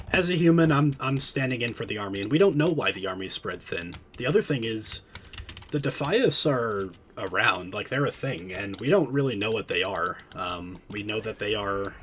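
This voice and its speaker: Chatty man with a lowish voice. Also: expressive, moderate pace, a bit bright, a little hiss or hum. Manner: chatty, explains game mechanics while playing. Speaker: streamer. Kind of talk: casual gameplay commentary.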